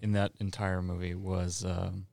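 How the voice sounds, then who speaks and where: A man co-hosting a casual movie podcast, speaking slowly and offhand, with occasional swearing. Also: low voice, monotone, vocal fry, warm tone, no echo, studio quality. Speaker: podcast co-host. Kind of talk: casual movie review chat.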